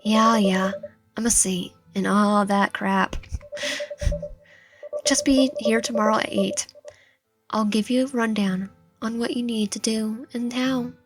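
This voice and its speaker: Woman reading a gruff game manager dude, short and dismissive, soft music underneath. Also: on the high side, steady tone, takes it slowly, pauses often. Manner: curt and dismissive. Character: gruff grown male building manager.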